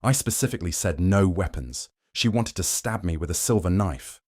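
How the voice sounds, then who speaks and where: A fierce young werewolf Luna, as a man reads her, speaking in a cold, scornful, cutting way. The voice sits deep and low, and it sounds close and dry. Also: lively intonation, normal speed, a little mellow, no echo. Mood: commanding.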